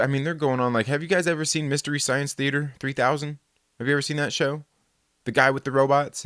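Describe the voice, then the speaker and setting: A man telling a story in a loose, casual chat, with a voice of middling pitch. He rambles, restarts and swears freely, and slips into quick put-on voices for the people he quotes. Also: a bit bright, dry recording, studio quality. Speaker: host.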